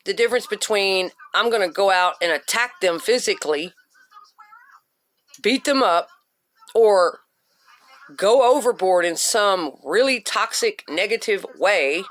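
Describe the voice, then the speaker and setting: A woman's voice: medium pitch, measured pace, pauses often. Blunt, swearing woman ranting to camera. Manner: blunt and profane, punchy repetition. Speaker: vlogger giving self-help advice. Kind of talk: emphatic motivational rant.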